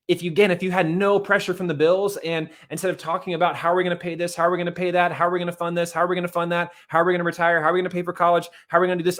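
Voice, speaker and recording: A man in his thirties delivers a motivational talk with a high, lively voice. He rushes along at a fast clip, repeating himself and addressing listeners as guys. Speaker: host. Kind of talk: motivational talk on money and marriage.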